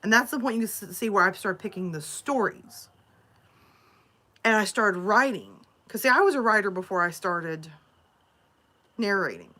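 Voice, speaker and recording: A woman's voice: mid-range voice, lively intonation, normal speed, pauses often, sharp tone. A woman from Alabama, chatting casually and telling rambling stories on a livestream. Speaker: story narrator and streamer.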